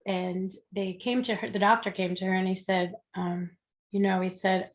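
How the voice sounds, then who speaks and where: A woman guest in a conversation tells a personal story candidly, swearing freely and acting out the people she quotes. Her voice is medium-pitched, with fairly even intonation and a normal speed.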